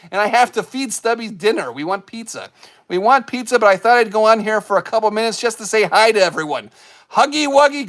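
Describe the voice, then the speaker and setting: A goofy skeleton puppet host, played by a man, speaks in a very high voice. He rambles and cracks self-mocking jokes while reading out viewers' comments on a live stream. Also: a bit bright.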